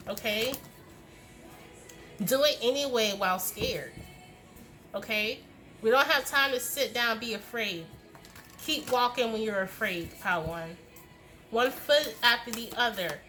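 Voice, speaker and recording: A young woman gives a casual tarot reading to camera, delivering an emphatic tough-love pep talk with frequent swearing and lots of "okay?" tag questions. Her voice is fairly high, bright, and forceful.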